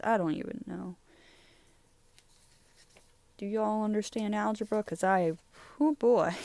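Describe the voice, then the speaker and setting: A young woman, a YouTuber, flips through her old drawings in a casual chat, rambling, giggling and getting sidetracked easily. Her voice is lowish with a darkish tone, recorded with no room sound.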